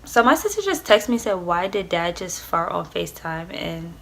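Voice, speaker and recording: A woman's voice: fairly low pitch, very animated, moderate pace, vocal fry, fairly bright tone. A young adult woman vlogger telling a storytime tale, rambling and swearing, with lots of "like". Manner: rambling, profane, filled with "like". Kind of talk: storytime vlog.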